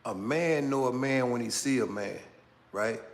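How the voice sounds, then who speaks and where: Street-talking man with a slow drawl. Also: medium pitch, vocal fry. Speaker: channel host. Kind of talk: casual commentary monologue.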